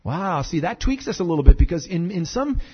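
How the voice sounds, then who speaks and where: A man preaching a conversational sermon as pastor, chatty and animated, with many fillers and repeated words. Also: sits high, brisk, slightly rough, muffled recording.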